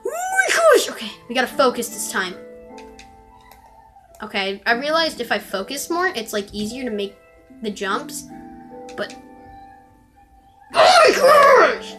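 A woman giving rambling, chatty gameplay commentary that breaks into frustrated exclamations. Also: medium pitch. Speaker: gaming video creator.

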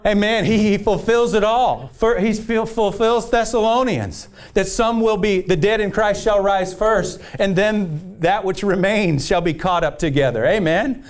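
His voice sits high and moves at normal speed with hardly any pauses as this pastor preaches at a church service. Retelling scripture story-style with frequent restarts, he keeps calling out "amen?" to the congregation.

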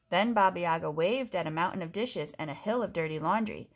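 A woman reading a picture book aloud to a child, expressive, pausing to explain things. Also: lowish voice. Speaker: story reader.

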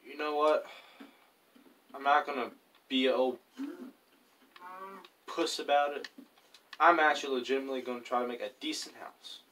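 A man's voice: mid-range voice, steady tone, normal speed, long pauses, fairly bright tone, recorded from a distance, slight background noise. A man casually chatting and rambling to himself while playing a survival game, telling offhand stories. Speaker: gaming YouTuber. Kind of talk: casual gameplay commentary.

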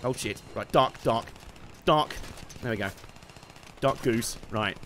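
A young man giving casual, excitable gameplay commentary, laughing, swearing and humming along as he plays. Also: mid-range voice, slow, a little hiss or hum. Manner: excitable, laughing, swearing, hums tunes while playing. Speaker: game streamer.

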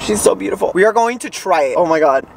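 A young man vlogging from his car in a gushing, dramatic, easily excited way. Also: sits high, fast talker, creaky, faint music behind. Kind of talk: casual vlog chat. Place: parked car at a drive-thru.

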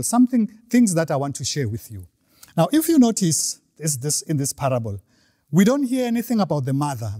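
A male preacher giving a sermon, retelling a parable with animated storytelling and frequent restarts. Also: on the high side, no room sound, studio quality.

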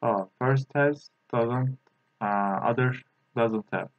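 Slow halting male language teacher. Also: mid-range voice, no room sound, highs cut off. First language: Turkish. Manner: halting, many fillers, repeats sounds slowly for practice. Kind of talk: explanatory language lesson.

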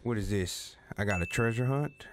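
A man's voice: fairly low pitch, animated, normal speed, background noise. A man giving casual gameplay commentary, playfully coaxing and teasing the characters and his horse. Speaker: let's play host.

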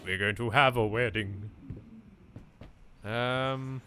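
Brief: English male gamer host, animated and bright, bantering with the game. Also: mid-range voice, moderate pace, gravelly, a little hiss or hum. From England. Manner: animated, jokey, talks to objects, swears. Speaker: let's play host. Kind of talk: casual gameplay commentary.

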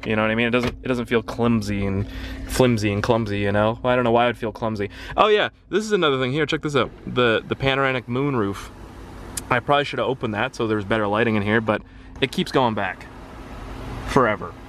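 A young man from Canada talks loosely inside a parked car, rambling with plenty of swearing and quick apologies. His pitch sits in an ordinary middle range, with a faint hiss of background noise behind him. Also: a bit bright. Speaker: gaming vlogger. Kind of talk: casual car walkthrough.

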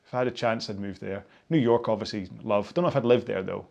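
A man's voice: fairly low pitch, quick pace, creaky, a little mellow. A man leading a rowing workout cool-down, chatting in a rambling, self-deprecating way and often apologizing as he gives stretching cues. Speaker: indoor rowing instructor. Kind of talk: casual workout cool-down chat.

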